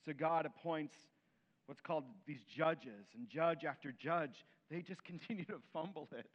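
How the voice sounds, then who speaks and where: A man preaching a sermon in an animated way, acting out quoted voices and dropping to soft, gentle tones. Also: on the high side, moderate pace, highs cut off. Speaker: pastor.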